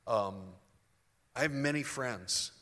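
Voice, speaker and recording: Pastor, male, 60s; mid-pitched, chatty sermon delivery with restarts, soft-to-emphatic swings; long hall reverb. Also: slow.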